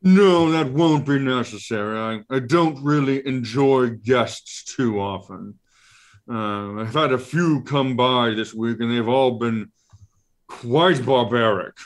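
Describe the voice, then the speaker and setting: A man puts on the voice of a pompous, genteel floating eye monster from a tabletop game, fussy and old-fashioned in manner, aloof and haughty. He pitches it higher and louder than an ordinary man's voice yet keeps it natural, speaking slowly with polite, airy phrasing.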